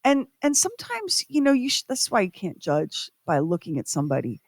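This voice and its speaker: Expressive frank radio co-host woman. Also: medium pitch, a little fast, dry recording. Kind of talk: casual radio chat.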